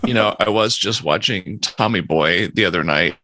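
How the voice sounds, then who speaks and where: Bright-voiced man chatting on a call. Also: low-pitched, normal speed, slight background noise. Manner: rambling, enthusiastic storytelling. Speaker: podcast panelist. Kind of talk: casual chat.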